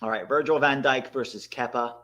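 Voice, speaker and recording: A man hosting a live watchalong, reacting excitedly to the match and chatting to his viewers. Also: mid-range voice, fairly quick. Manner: excitable, bursts out at big moments, talks to chat. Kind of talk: live match commentary and chat.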